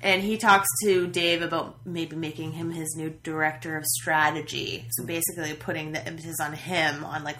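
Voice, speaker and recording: Chatty woman podcast co-host, bright forceful voice, lowish, a little hiss. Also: level tone, moderate pace, few pauses, poor audio. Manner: chatty, laughs easily, acts out her reactions. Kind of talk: casual chat recapping a TV show.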